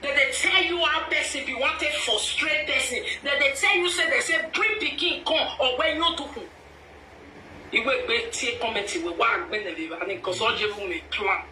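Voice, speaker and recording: Animated Nigerian woman in an echoey room. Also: sits high, normal speed. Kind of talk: casual pidgin commentary. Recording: echoey room, from a distance, faint noise.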